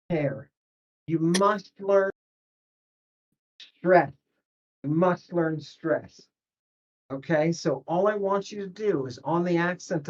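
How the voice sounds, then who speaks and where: A woman teaches over a video call, and her voice comes through dull and muffled. She coaches her student in an encouraging, emphatic way. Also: deep voice. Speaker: language teacher. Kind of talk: online tutoring session.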